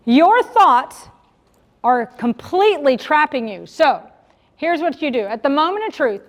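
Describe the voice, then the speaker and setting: A woman with a high voice delivers an animated motivational session, calling out to the audience and pressing them with questions. Her stage mic carries a long echo from the conference hall around her. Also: unhurried. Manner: animated, direct, addresses the audience as y'all. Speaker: sales coach speaking at a breakout session. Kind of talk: live motivational keynote talk.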